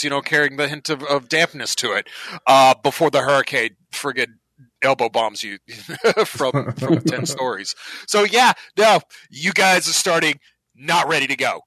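A man's voice: fairly high pitch, pushed and bright, no room sound. A man running a tabletop game as game master, rambling and casual with laughs and the odd swear.

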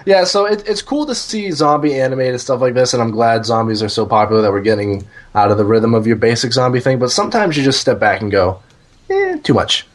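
Brief: man, podcast host, casual banter, animated and playful, lots of pitch movement. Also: fast talker, hardly any pauses. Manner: animated, jokey, laughs often.

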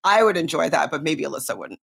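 Female co-host, husky tone, chatty opinionated commentary. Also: deep voice, very animated, fast. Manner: chatty, many likes, laughs between points. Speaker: co-host giving opinions on a reality show. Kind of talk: casual podcast commentary.

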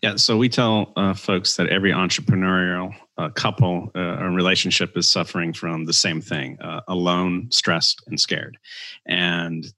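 A man with a low-pitched voice and a forceful, bright tone talks through his framework in a relaxed podcast interview. He breaks ideas into steps and leans on fillers as he goes. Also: moderate pace. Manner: explains ideas in structured steps, filler-heavy. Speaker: entrepreneur and podcast guest. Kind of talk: conversational interview.

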